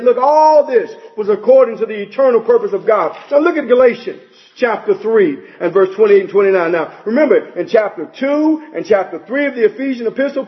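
A man preaching a sermon, emphatic and full of rhetorical questions, citing scripture chapter and verse. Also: very high-pitched. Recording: dull lo-fi recording.

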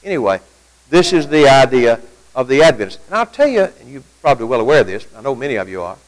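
A man's voice: mid-range voice, very animated, quick pace, poor audio. A man preaching an evening sermon, asking rhetorical questions and reading quotations aloud to his congregation. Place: church gathering at night.

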